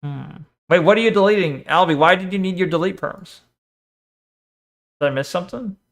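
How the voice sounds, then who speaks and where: A man's voice: high-pitched, moderate pace, vocal fry. A man streaming and chatting casually, reading chat, swearing often and rambling between topics.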